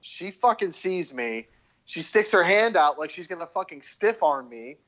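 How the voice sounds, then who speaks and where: A podcast co-host trading profane, jokey stories in casual chat. His voice sits fairly high, and the recording sounds a little dull and lo-fi. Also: very animated, moderate pace, fairly bright tone.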